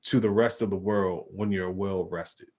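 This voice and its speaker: Laid-back low-voiced man chatting. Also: steady tone, unhurried, a little mellow. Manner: laid-back slangy, says bro often. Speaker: podcast co-host. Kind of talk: casual chat.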